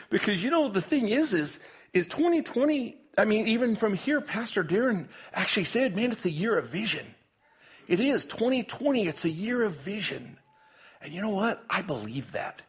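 Husky-voiced folksy pastor. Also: male voice, high voice, animated. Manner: folksy, joking, halting restarts. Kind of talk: sermon with prayer and jokes. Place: church.

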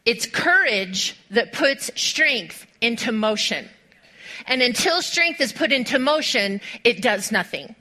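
A woman preacher delivering a sermon to a congregation, telling stories with lively rhetorical questions and speaking directly to her listeners. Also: a little high, slow. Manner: animated storytelling with rhetorical questions.

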